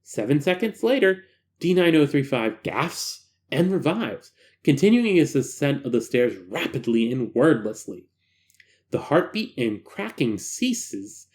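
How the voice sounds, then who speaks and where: Guy reading a creepy report out loud, voice swinging up and down, cracks little jokes. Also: on the high side, measured pace. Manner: animated, breaks off for jokey asides. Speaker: host reading a horror file. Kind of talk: dramatic reading with asides.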